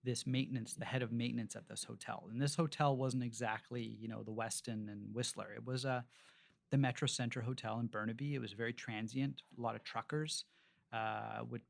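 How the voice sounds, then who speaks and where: A man with a gravelly, creaky voice at a middling pitch tells loose, rambling stories from his working life. He talks casually, with lots of fillers and self-corrections, as a guest on an interview podcast. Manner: rambling, animated anecdotes with frequent fillers and restarts.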